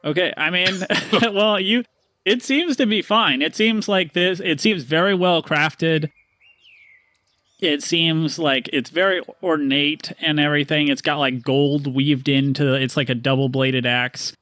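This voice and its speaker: A man narrating as game master in a tabletop game, fast and casual, with many fillers. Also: on the high side, sharp tone, dry recording.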